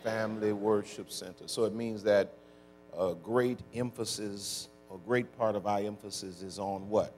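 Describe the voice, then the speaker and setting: A man's voice: lowish voice, steady tone, measured pace, a little mellow. Pastor guy talking church folks through it, call and response, y'all and ain't, faint music under him. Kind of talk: conversational sermon. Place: church before a congregation.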